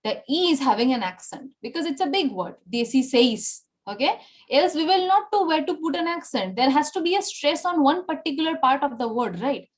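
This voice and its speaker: An Indian woman with a high, animated voice teaches an online Spanish class at a fairly quick clip. She explains patiently and checks in with "okay?" or "right?" after almost every sentence.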